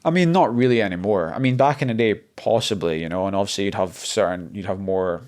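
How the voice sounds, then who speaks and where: Fast-talking Scottish man, low voice. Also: a little mellow. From Scotland. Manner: rambling, lots of fillers and restarts. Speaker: guest. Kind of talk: casual conversation.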